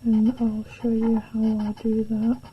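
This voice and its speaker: A woman from England, narrating a drawing tutorial as she works, soft-spoken and slipping into half-whispered asides. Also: a little high, monotone, unhurried, slight background noise. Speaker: art tutor. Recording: dull lo-fi home recording.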